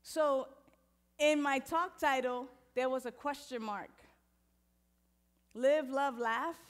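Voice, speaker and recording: A woman minister giving a lively, playful sermon, talking straight to the congregation and moving into a softer guided meditation. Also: sits high, slow pace.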